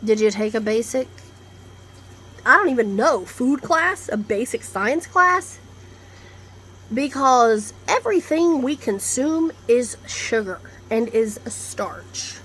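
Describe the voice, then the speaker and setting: A woman with a somewhat high voice rambles through a casual vlog monologue. She is blunt and swears freely, hopping from one topic to the next. Faint room ambience sits under her voice. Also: slow pace, a little hiss or hum. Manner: blunt, profane, animated, jumps between topics. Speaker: vlogger. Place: indoors, storm coming in outside.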